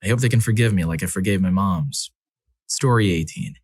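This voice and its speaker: Low-voiced man narrating stories. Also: fairly quick, a little mellow, dry recording, studio quality. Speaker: story channel narrator. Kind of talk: scripted first-person narration.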